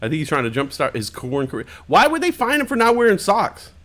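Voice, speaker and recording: A man hosts his own live stream from a home desk setup, talking in a loose, rambling way. He jokes constantly and swears freely, and his voice sits a bit high for a man. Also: wildly swooping pitch, fast, a bit bright. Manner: rambling, joking, profane. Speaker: host. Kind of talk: casual live-stream chat. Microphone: headphones and desk mic at home stream.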